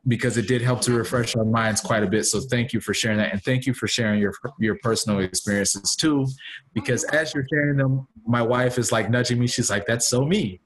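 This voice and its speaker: A man's voice: mid-range voice, fairly even intonation, brisk, poor audio. Thankful man hosting a team call. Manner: warmly thankful, repeats words as he talks. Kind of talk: casual video call chat. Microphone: video call.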